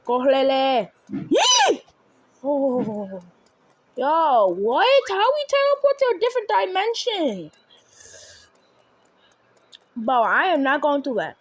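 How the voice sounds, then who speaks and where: A young woman recording herself playing a game, talking to viewers and shouting and screaming as she plays. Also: sits high, wildly swooping pitch, slow pace, pauses often, dry recording, muffled recording. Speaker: gaming video creator. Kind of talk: live gameplay commentary. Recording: faint background noise.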